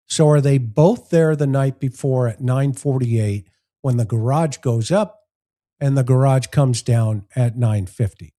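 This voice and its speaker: A man's voice: mid-range voice, measured pace, warm tone. A man, a former investigator hosting a show, giving plain-spoken commentary on press conference clips and walking through his points one by one. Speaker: host analyzing press conference footage. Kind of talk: commentary with acted-out anecdotes.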